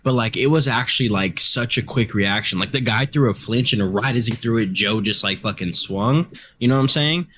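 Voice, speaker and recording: A man's voice: mid-range voice, fairly quick, fairly bright tone, slight background noise. A man co-hosting a casual fight-sports chat, telling stories loosely with lots of filler and swearing. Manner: rambling storytelling, heavy swearing and filler words. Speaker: podcast co-host.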